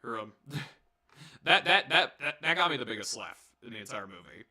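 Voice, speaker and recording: A man's voice: mid-range voice, sing-song, normal speed, bright, forceful tone. A young man giving a casual, rambling movie review, swearing and joking with lots of fillers and restarts. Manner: rambling, profane, jokey, many fillers and restarts.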